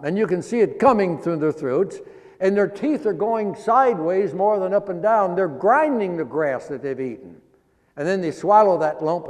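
A man preaching a sermon, explaining scripture line by line in a folksy, teaching way and slowing down to stress the verses. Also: sits high, a little mellow, long reverb tail. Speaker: pastor.

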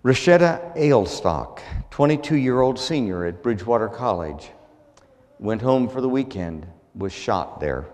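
A man preaching a sermon as pastor, measured and earnest, his phrases falling at the ends. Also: medium pitch, expressive, darkish tone, long reverb tail.

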